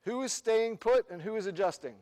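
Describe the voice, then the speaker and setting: Man, band clinician, slightly high voice, counts off players, sings rhythms, quick questions, long hall reverb. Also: animated, a little mellow. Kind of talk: rehearsing a concert band. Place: band rehearsal room.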